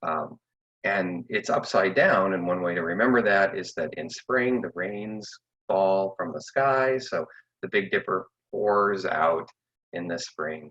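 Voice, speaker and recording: A low-voiced, slightly husky man talks through a relaxed explanation for a general audience, pausing on ums and uhs as he goes. The audio sounds dull and lo-fi. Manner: relaxed, many fillers, explains step by step. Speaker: astrophysicist giving a library talk. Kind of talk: casual explanatory talk.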